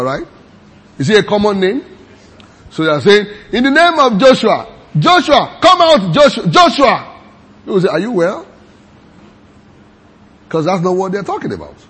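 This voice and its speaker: A man preaching a sermon, reading scripture aloud slowly and quizzing his congregation with repeated questions. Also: on the high side, a little mellow, breathy edge.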